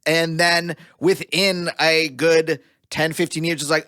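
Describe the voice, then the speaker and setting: A man chatting on a comedy podcast, excitable, with quick asides and sudden jumps in his voice. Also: a little high, dry recording, studio quality. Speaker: podcast guest. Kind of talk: casual comedic conversation.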